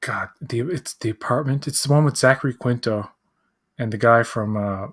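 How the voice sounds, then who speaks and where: A man's voice: medium pitch, moderate pace, a bit bright. A man co-hosting a live pop-culture chat, rambling, acting out quotes and searching aloud for names. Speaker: co-host. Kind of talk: casual chat.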